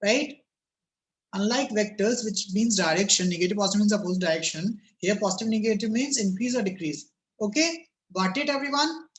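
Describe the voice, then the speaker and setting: A man's voice: high-pitched, a little fast. A man teaching a physics class over a video call, his voice cracking, repeatedly asking students "yes or no?" and telling them to think about it.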